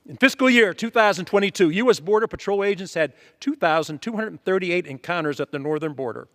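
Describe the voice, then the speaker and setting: Man, lawmaker on the floor, high-pitched, emphatic list-maker, reverberant chamber sound. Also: animated, brisk, a bit bright. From Pennsylvania. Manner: emphatic, repetitive lists. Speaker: congressman. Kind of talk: floor speech. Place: legislative chamber. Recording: long reverb of a large chamber.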